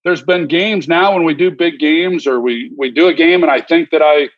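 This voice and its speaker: A man's voice: a little high, normal speed, dull audio. A man in his fifties, a guest on a podcast, telling a story in a reflective, candid way with many restarts and repeated words. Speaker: guest, former quarterback and broadcaster. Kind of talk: relaxed interview storytelling.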